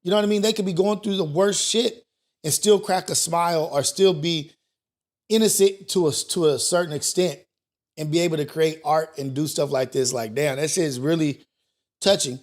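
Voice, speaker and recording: A man hosting a morning talk show, thinking out loud in a loose, profane way with many restarts. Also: a little high, moderate pace. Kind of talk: casual talk show commentary.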